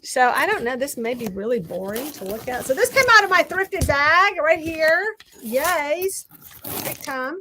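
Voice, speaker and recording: A Southern American woman hosting, chatting casually and rambling while she crafts, quick to poke fun at herself. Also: sits high, expressive, pushed and bright, a little hiss or hum. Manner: chatty, rambling, self-deprecating. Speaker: host.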